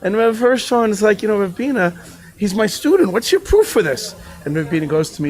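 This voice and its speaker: A man's voice: high voice, very animated, a little fast. A man, a rabbi at a yeshiva fundraiser broadcast, telling playful, jokey anecdotes in a casual way. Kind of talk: casual storytelling.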